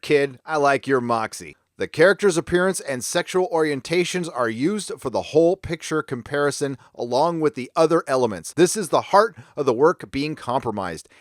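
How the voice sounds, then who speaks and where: A man's voice: a little high, no echo, studio quality. A man hosting a commentary vlog who talks emphatically and drops sarcastic asides. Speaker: commentary channel host.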